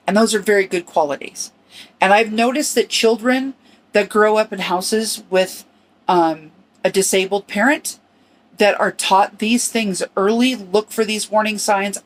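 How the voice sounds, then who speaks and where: A middle-aged woman hosting a personal podcast, speaking earnestly and reflectively in short, halting phrases. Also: mid-range voice. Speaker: podcast host.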